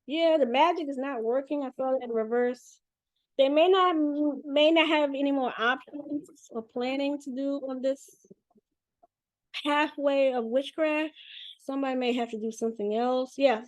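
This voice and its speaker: A woman's voice: sits high, normal speed, no echo. Chatty, profane woman reader. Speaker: spiritual reader. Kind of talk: casual spiritual reading.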